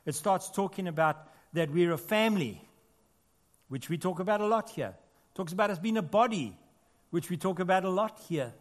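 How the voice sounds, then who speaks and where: A man preaching a sermon as pastor in a church, earnest, rising to emphatic peaks and falling to quiet, intimate asides. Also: high voice, expressive, moderate pace.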